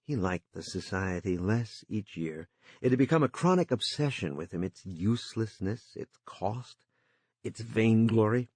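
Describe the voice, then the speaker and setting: A man reading a novel aloud in a measured, expressive narration. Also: fairly low pitch, husky, no echo. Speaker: audiobook narrator. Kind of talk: scripted narration.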